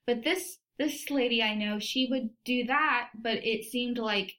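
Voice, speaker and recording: Woman, casual chat, chatty, laughs often, animated storytelling. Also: on the high side, measured pace.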